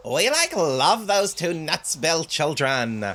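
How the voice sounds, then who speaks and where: A man's voice: on the high side, sing-song, slow pace, sharp tone, pitched above the performer's own voice, exaggerated voice. A man voicing a chattering flock of gossiping fairies in a video game, reading their lines in a mocking, breezy way. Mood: flippant.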